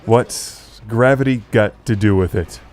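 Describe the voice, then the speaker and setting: A man's voice: medium pitch, animated, normal speed. A man narrating a scripted video game review as the show's host, in a wry tone with dry joking asides.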